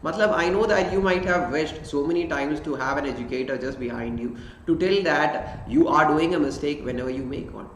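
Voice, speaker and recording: A man's voice: fairly high pitch, fairly quick, slight background noise. A young male physics teacher with an Indian English accent, speaking energetically to students in a live online class and mixing in Hindi phrases. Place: indoor room, live stream. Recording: roomy echo, faint background ambience.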